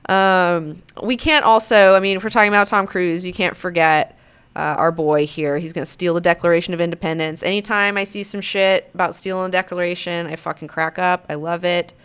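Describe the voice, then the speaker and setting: A woman in her thirties hosting a show, chatting casually in a rambling, profane way, now and then slipping into mocking high-pitched quotes. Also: steady tone, brisk, a bit bright, clear, resonant tone. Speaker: show host. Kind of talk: casual chat.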